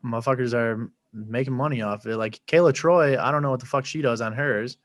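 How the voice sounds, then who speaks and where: Laid-back, profane guest in a dry room. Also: male voice, mid-range voice, fairly quick, no echo. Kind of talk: casual podcast chat.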